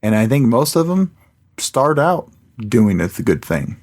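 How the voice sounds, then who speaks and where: A man co-hosting a podcast, talking loosely and rambling, quick to laugh. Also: medium pitch, very animated, a little mellow. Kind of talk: casual podcast chat.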